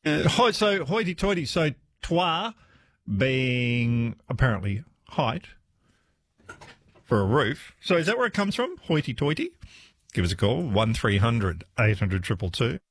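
Lively husky-voiced radio host. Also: male voice, medium pitch, unhurried, no room sound. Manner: lively, chatty, laughs easily. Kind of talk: phone-in radio chat. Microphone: studio microphone.

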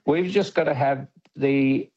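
An older Australian man speaks as a radio interview guest. His voice is mellow and warm, and he talks in a plain, practical way with restarts. The line sounds slightly muffled. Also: medium pitch, unhurried. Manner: plain-spoken, frequent restarts. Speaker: interview guest, dog trainer.

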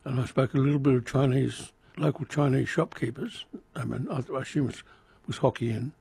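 A man's voice: medium pitch, steady tone, brisk, creaky, warm tone, husky, dry recording. An older man, recalling his childhood in an oral history interview with dry humour. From Indonesia. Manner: reflective, dry humour, some restarts.

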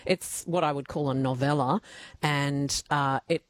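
Woman radio host, lowish voice, enthusiastic, dry studio sound. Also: fairly even intonation, measured pace, dry recording. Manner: chatty, enthusiastic. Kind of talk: radio interview.

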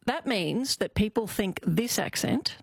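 A woman's voice: medium pitch, expressive, measured pace, creaky, husky, no echo, studio quality. A woman comedian on a radio show, chatting enthusiastically and giggling. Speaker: comedian guest. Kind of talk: casual radio chat.

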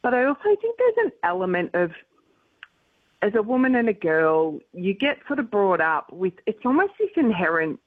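A woman's voice: medium pitch, sing-song, normal speed, husky, no echo. A middle-aged woman guest chatting in a thoughtful, hedging way with many fillers, heard over a phone line. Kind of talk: casual chat on a phone line.

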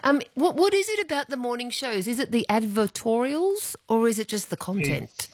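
Lively Australian talkback host woman. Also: on the high side, moderate pace, dry recording. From Queensland, Australia. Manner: chatty, teasing, laughs easily. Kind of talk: casual radio talkback.

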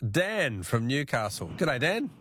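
A man with an Australian accent hosting a talkback radio quiz, chatty and quick to laugh with callers. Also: medium pitch, sing-song, fairly bright tone, a little hiss or hum.

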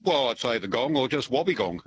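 A man's voice: mid-range voice, big pitch swings, fairly quick, breathy edge, no echo, rough recording. Polite older man on the phone. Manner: polite, old-fashioned, hesitant. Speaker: caller. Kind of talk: phone-in quiz chat.

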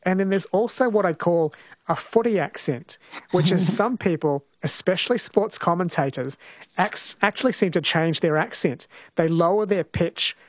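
A man's voice: high voice, moderate pace, dry recording. New Zealand man hosting talk radio. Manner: friendly, chatty, reads listener texts. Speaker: radio host.

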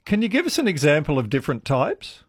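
A man's voice: on the high side, huge pitch swings, quick pace, husky, no room sound, clean studio sound. A man hosts a radio talk show. He speaks in an upbeat, conversational way and reads out texts from listeners. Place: radio studio. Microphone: studio microphone.

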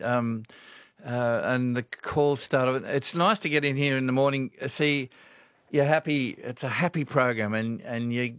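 A man's voice: mid-range voice, no room sound. An older Australian man hosting a casual talkback radio show, chatty and rambling, laughing often. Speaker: radio host. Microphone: studio microphone.

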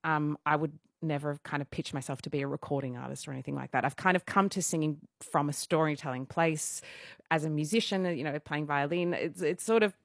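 A young adult woman, a musical theatre performer, telling stories in a chatty, animated way on a radio show, with many fillers. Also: low voice, a little fast, vocal fry, dry recording, clean studio sound. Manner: chatty, animated storytelling with frequent fillers and laughs. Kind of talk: casual radio interview chat.

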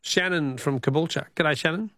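Jovial Australian radio quiz host. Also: male voice, on the high side, normal speed, a bit bright, no echo, clean studio sound. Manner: jovial, chuckling, repeats the question.

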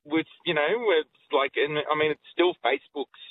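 A man's voice: a little high, lively intonation, a little fast, a little hiss or hum. A man, joking and stammering as he chats on a radio show by phone. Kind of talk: casual radio chat. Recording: tinny phone line.

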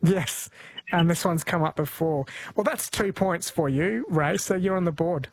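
A man's voice: fairly high pitch, unhurried. A man hosting a call-in radio quiz, friendly and chatty, laughing easily.

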